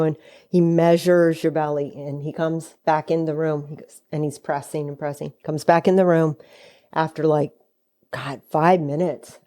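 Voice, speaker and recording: Low-voiced chatty mother telling a story. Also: mellow. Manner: chatty, acts out quoted speech with shifting pitch. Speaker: guest, host's mother. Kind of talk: casual storytelling.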